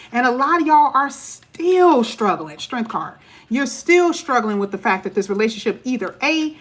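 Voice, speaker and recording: Woman, high voice, tarot reader, chatty, emphatic, casual slang. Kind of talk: casual tarot reading to viewers.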